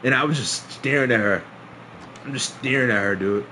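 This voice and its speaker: A young man casually telling a story to his stream, swearing, laughing often and acting out quotes loudly. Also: mid-range voice, normal speed, slight background noise.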